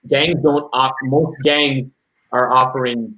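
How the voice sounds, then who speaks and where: A man's voice: medium pitch, fairly even intonation, takes it slowly, a bit bright. A man talking casually about working with kids and parents, telling anecdotes and acting out what people said. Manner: anecdotal, acts out quoted voices. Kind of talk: casual discussion. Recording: roomy echo.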